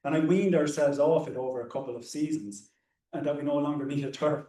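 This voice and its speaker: An Irish conservationist speaks on a discussion panel in a hall or seminar room, telling anecdotes and often repeating words as he goes. His voice is on the high side, a little fast, and dark in tone. The recording is roomy, from a distant mic.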